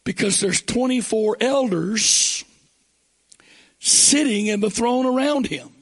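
A man preaching a sermon, reading scripture aloud and building to fervent shouts. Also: sits high, slow.

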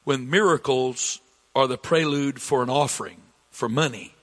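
Middle-aged male pastor, deliberate sermon delivery, raspy and forceful tone. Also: mid-range voice. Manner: slow, repetitive preaching, rising with emphasis, coughs between lines.

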